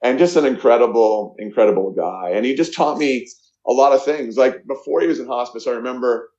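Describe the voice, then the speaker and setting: Earnest, halting man in an echoey room. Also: mid-range voice, warm tone. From Canada. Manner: halting, earnest, many fillers and restarts. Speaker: guest, charity founder. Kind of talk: emotional storytelling in a podcast interview. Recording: echoey, muffled lo-fi sound.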